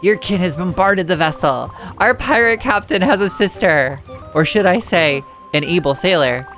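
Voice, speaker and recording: A woman voicing a boisterous old male pirate in a loud, theatrical way. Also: fairly low pitch, expressive, normal speed, faint music behind. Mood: teasing.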